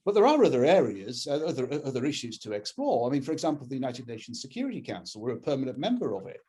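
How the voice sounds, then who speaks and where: English male campaigner, husky voice, opinionated webinar talk over a video call. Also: mid-range voice, sing-song, fast, dark tone. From England. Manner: earnest and opinionated, with frequent restarts. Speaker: campaigns head speaking at a webinar. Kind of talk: political talk.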